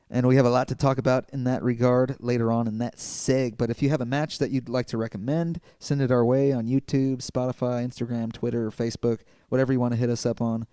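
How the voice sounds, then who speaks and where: A man's voice: medium pitch, warm tone, clear, resonant tone, dry recording, clean studio sound. A man co-hosting a wrestling podcast in casual, profane, laid-back banter. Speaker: podcast co-host.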